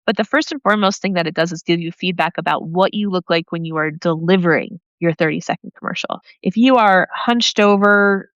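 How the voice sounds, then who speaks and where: A woman with an East Coast accent, a guest coach giving quick, animated advice in a casual interview. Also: on the low side, dry recording, highs cut off. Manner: energetic, animated hand-talker, gives advice in quick bursts. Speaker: podcast guest, networking coach.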